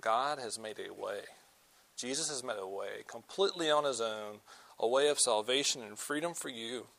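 A young man giving a sermon to students, earnest, moving between loud emphasis and soft, slow pleading. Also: mid-range voice, gravelly. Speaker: campus ministry speaker.

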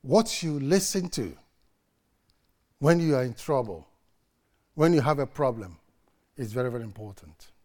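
Preacher man, dramatic sermon delivery, slow paced, loud-to-soft swings. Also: medium pitch, expressive, breathy edge. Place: church service.

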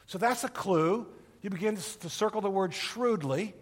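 A man preaching a sermon, retelling a parable with animated storytelling that swings from loud to hushed, in a church hall. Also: sits high, normal speed, breathy edge. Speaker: pastor. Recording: long reverb of a large hall.

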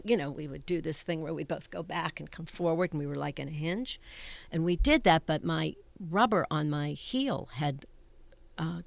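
Gravelly older woman telling stage stories. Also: sits low, no room sound. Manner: animated, laughing, self-interrupting. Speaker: stage actress guest. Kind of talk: anecdotal storytelling.

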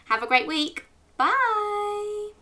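A woman hosting a children's story and quiz show, speaking in a sing-song, drawn-out way for young listeners. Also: mid-range voice, pushed and bright. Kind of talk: playful read-aloud quiz for children.

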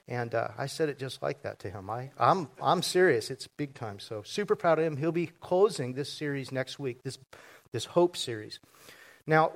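A man preaching a sermon to his congregation, joking and quizzing the audience as he goes. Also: medium pitch. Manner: joking, audience-engaging, fast and lively. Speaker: pastor. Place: church sanctuary before a congregation.

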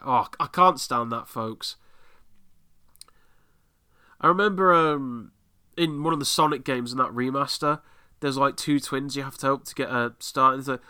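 A British man with an excitable, sweary manner, giving casual commentary while watching an episode. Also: medium pitch, normal speed, long pauses, clean tone. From Britain. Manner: excitable, swears freely, reacts aloud. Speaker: podcast host.

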